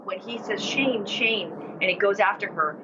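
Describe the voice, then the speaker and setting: A woman guest in a casual interview tells her stories with plenty of animation, often slipping into the voices of the people she describes. Her pitch sits in a middle range. The sound is muffled and lo-fi, with a steady hiss of background noise underneath. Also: fast talker. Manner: animated storyteller who acts out what others said. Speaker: guest actress.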